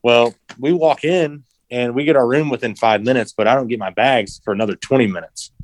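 Male guest, casual anecdote teller, animated, acts out dialogue, mid pitch, dry close sound. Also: brisk, no room sound, low-quality recording. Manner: animated, acts out quotes, swears freely. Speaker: interview guest, racing driver. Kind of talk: casual storytelling.

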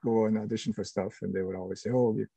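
Gravelly, husky middle-aged man. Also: lowish voice, flat delivery, warm tone, no room sound, rough recording. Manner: halting, many restarts and fillers. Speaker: actor guest. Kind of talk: casual interview chat.

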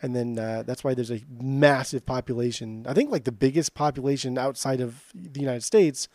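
Podcast guy chatting about records, says dude a lot, middle pitch, dry close sound. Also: brisk, a little mellow, no echo. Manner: casual, swearing, lots of "dude" and "like". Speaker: podcast co-host. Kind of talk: casual chat about music.

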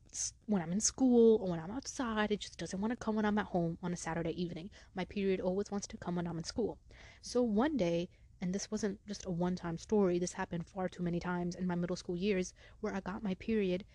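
A woman's voice: mid-range voice, brisk, mellow, dry recording. A young woman hosting a podcast, telling a story in casual chat and leaning on "like" a lot. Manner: chatty, lots of filler "like". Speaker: podcast host.

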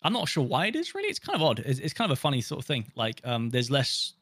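A man's voice: mid-range voice, huge pitch swings, fast, a bit bright, breathy edge, no echo. Rambling young British man, dry sound. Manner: rambling, lots of fillers and restarts. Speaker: podcast guest, streamer. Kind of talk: casual podcast chat.

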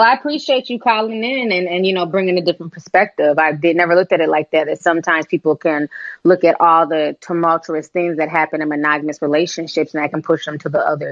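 A woman's voice: low-pitched, fairly even intonation, fairly quick, no echo, muffled recording. A woman hosting a live call-in stream, chatting casually with callers and reading the chat, calling people honey. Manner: chatty, calls listeners honey.

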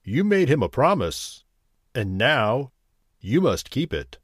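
A stern, fatherly king from a bedtime story, played by a male narrator. He speaks firmly and a touch louder, with a lively rise and fall. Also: mid-range voice, takes it slowly, husky, no echo, studio quality, heavily acted.

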